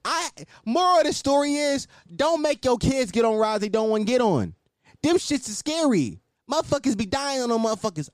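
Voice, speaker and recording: A man's voice: extremely high pitch, sing-song, fairly quick, no echo, clean studio sound. A man hosting a podcast, telling a story in a casual, profane monologue and often laughing. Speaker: podcast host.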